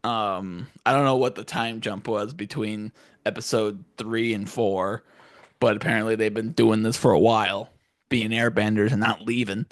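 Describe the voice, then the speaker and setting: A man's voice: fairly low pitch, steady tone, moderate pace, dry recording, clean studio sound. A man co-hosting a casual podcast, laughing often, swearing freely and retelling scenes animatedly. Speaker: podcast co-host. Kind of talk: casual chat.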